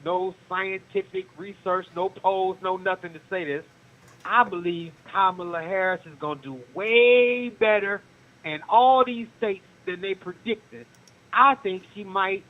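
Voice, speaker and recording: A man calling in to a talk show, rambling and repeating himself with lots of fillers. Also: high voice. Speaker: caller. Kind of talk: casual call-in talk. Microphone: phone. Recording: tinny phone line.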